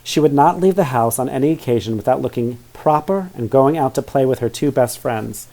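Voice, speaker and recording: A man's voice: medium pitch, brisk, warm tone. A man reading a children's story aloud, adding chatty asides and questions to young listeners. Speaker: storybook reader.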